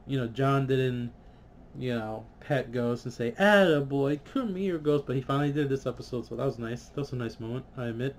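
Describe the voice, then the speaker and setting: A man's voice: mid-range voice, slight background noise. Exasperated man ranting casually. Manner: frustrated, swears, many fillers, animated. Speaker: vlogger reviewing a TV episode.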